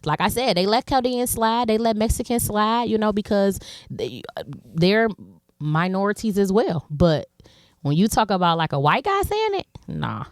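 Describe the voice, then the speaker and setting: A woman speaks in a bluntly emphatic, slangy way, trading talk on a podcast as a comedian guest. Her voice sits at an ordinary middle pitch. The close microphone gives a dry sound with no room around it. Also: big pitch swings, moderate pace, no echo. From Detroit, USA. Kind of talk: casual podcast conversation.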